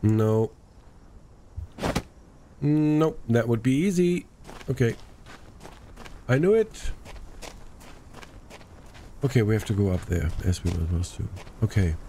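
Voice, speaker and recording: A man's voice: on the low side, mellow, slight background noise. Man chatting over gameplay. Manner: chatty, muttering to himself, quick asides. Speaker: let's play gamer. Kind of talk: casual gameplay commentary.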